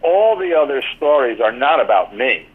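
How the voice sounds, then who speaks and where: In a medium-pitched, slightly rough voice with a sing-song lilt, an older man speaks at a normal speed. He's a former team athletic trainer and author appearing as a guest in a casual interview, rambling through stories full of "you know" over a tinny phone line.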